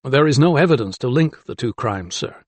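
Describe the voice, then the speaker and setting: Narrator plays a restrained young doctor, steady tone, dry studio. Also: male voice, mid-range voice, no echo, close to an everyday voice. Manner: measured and restrained. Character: young male doctor, nervous but composed. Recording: dry close studio sound.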